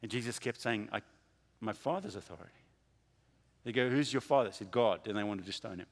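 A man preaching a sermon, with a dramatic delivery that swings from quiet to loud. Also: on the low side, a little fast, vocal fry, in a large hall. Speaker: pastor.

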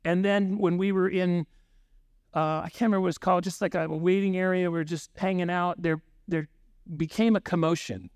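Man, pastor, high voice, dry close sound, chatty sermon storytelling. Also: steady tone, fairly quick, clear, resonant tone, no room sound. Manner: conversational, frequent "right?" asides, acts out dialogue.

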